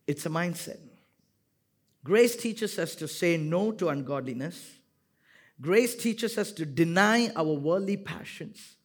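Guy preaching a sermon, slow and deliberate, slightly high voice, goes big then drops way quiet, repeats lines for punch. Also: animated. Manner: dynamic preaching, swings from loud emphatic peaks to quiet low asides; repetitive rhetorical cadence. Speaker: pastor.

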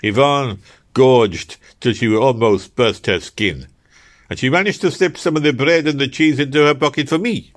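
A man's voice: lowish voice, fairly bright tone. A man reading an audiobook, telling a first-person tale in a theatrical way and turning to address his listeners. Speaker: audiobook narrator.

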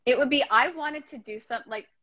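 A young woman hosting a casual video chat, playful and quick to laugh. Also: sits high, a bit bright. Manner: playful, chatty, laughs often. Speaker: host.

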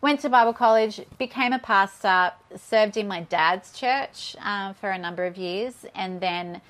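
A woman's voice: mid-range voice, unhurried, hardly any pauses, a bit bright. Australian woman, 30s, interview guest; candid, earnest, slightly nervous delivery. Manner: earnest, candid, at times shaky with nerves. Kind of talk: personal interview.

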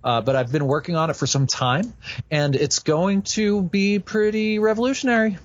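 A man talking casually as a podcast guest, animated and quick to laugh and joke. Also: high voice. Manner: animated, laughs often, jokey. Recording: dull lo-fi dry sound.

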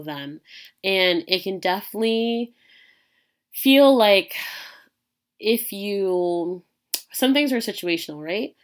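A woman's voice: on the low side, a bit bright. A young woman in her twenties, hosting a podcast and talking candidly in a rambling way, full of fillers. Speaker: podcast host. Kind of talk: casual podcast monologue.

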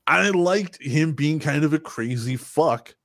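A man hosting a casual podcast, telling stories in an animated, profane way and acting out quotes. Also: a little high, slow, dry recording, studio quality. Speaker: podcast host.

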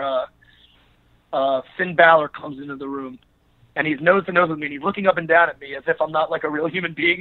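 A man, a wrestler guest, telling a casual anecdote and acting out the people in it. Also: a little high. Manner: acts out quoted people in an anecdote. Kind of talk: casual storytelling interview. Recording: tinny phone line.

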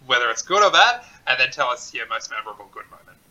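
A man's voice: medium pitch, fast, highs cut off. A man co-hosting a podcast, chatting casually and telling stories with plenty of swearing and self-mockery. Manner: animated, swears freely, self-deprecating storyteller. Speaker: podcast co-host. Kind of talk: casual chat.

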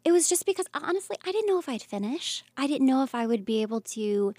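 A Southern American woman in her thirties with a fairly high voice, talking bubbly and earnest as an interview guest. She laughs easily. The sound is dry and close. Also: sing-song, fast, hardly any pauses, darkish tone, no room sound. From Florida, US. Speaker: guest, Broadway actress. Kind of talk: casual interview chat.

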